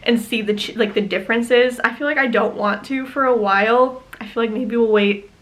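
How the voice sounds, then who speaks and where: A woman's voice: on the high side, moderate pace, rough recording. Gushing teary woman vlogger. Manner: gushing, excitable, lots of fillers. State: teary and emotional. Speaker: small business owner vlogging. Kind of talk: casual vlog chat. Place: small business studio.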